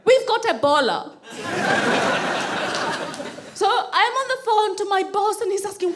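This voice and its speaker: A woman from Kenya performs stand-up in an animated way, slipping into other people's voices. Her voice sits very high, and the live club recording carries clear room noise and audience laughter. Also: a little slow, long pauses. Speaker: stand-up comedian. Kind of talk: stand-up comedy set. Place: comedy club stage before a laughing audience.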